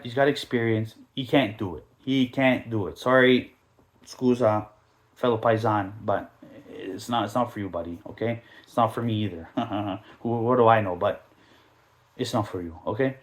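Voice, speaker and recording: A man hosts a casual soccer podcast and rants in an animated, mocking way. He rambles through asides and slips into mimicked quotes, his voice sitting at an ordinary middle pitch. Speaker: podcast host.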